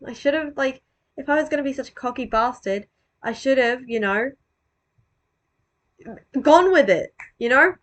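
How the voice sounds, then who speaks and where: A woman's voice: high voice, lively intonation, normal speed, long pauses, lo-fi sound. A woman giving casual, self-deprecating commentary on her own old video, rambling, swearing and restarting her sentences.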